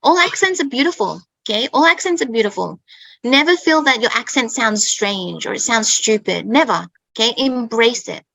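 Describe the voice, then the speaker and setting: With a fairly high, creaky, bright voice and a forceful tone, this Australian-raised woman hosts a casual online English chat at a moderate pace with lively intonation. She teaches emphatically, repeats herself, and keeps asking "okay?" on a rough, echo-free recording.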